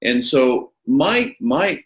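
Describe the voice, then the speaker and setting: Male interviewer and coach, emphatic and animated, roomy sound. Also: medium pitch, drawn-out words, vocal fry. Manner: emphatic, repeats words when starting a thought.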